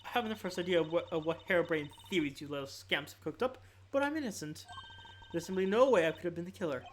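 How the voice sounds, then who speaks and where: A streamer reads a video game's dialogue aloud, putting on a flirty, condescending female prison warden. The mid-range, natural voice is expressive and fast, sugary and dismissive, calling others darling and sweetie, with slight background noise.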